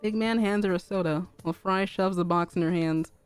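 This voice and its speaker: A young woman streamer narrating a fanfic aloud in a calm, even reading. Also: on the low side, a little fast, smooth, dry recording, faint music behind.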